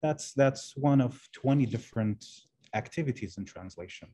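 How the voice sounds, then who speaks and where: A man whose first language is Arabic talks as a guest professor in an interview over a video call. His tone is mellow and warm, and he pauses and repeats words while he builds careful, thoughtful answers. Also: mid-range voice, lively intonation, husky. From Arab world. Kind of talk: interview conversation.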